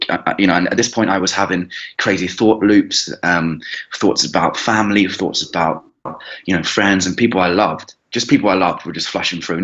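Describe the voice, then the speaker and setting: A man telling a long personal story as an interview guest, rambling and halting, with frequent restarts and swearing. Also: low-pitched, fairly bright tone. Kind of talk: casual storytelling. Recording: dull lo-fi recording.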